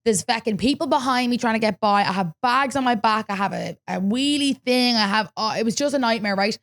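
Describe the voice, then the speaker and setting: A young Irish woman hosting a podcast, telling a story in casual chat, lively and swearing freely as she acts out what people said. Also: a little high, a little fast. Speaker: podcast host.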